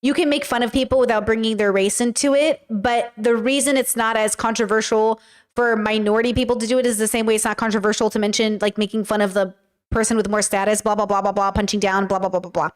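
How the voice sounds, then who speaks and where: A woman's voice: fairly high pitch, steady tone, quick pace. A woman streamer reacting to videos in casual commentary, incredulous and thinking aloud as she rambles.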